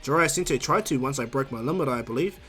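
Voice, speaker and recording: A man's voice: medium pitch, lively intonation, quick pace, a bit bright, faint music behind, close to an everyday voice. A man voicing a cocky, overpowered young male ninja hero in a spoken fan retelling. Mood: boastful.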